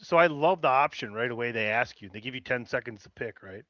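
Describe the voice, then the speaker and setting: A man's voice: medium pitch, quick pace, no echo, muffled recording. A man co-hosting a pop-culture podcast, chatting in a playful, teasing way. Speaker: podcast co-host. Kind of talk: casual pop-culture chat.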